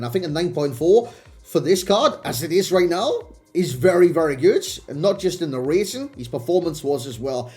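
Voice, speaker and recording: With faint music behind him, a young man who makes gaming videos chats through a game card review. He talks to his viewers as lads and boys in a fairly high, darkish voice.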